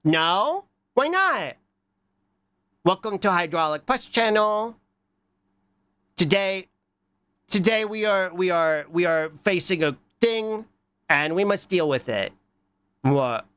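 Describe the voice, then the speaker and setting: Slow, smooth and a bit bright, with no room sound, this stuffy-nosed livestreamer chats casually as he reacts to videos and reads chat. He's scattered and goofy, with frequent repeated "What?" and squeaky high bursts.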